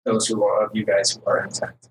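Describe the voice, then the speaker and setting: A man running a tabletop role-playing game as game master, talking with many fillers and pauses. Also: lowish voice, monotone, recorded from a distance. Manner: hesitant, lots of fillers. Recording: noisy home recording.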